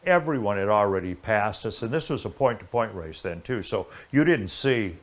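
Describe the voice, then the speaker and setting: An older man, a guest in an interview, telling a long anecdote in a lively, rambling way with many restarts. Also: on the low side, moderate pace. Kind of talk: casual anecdotal storytelling.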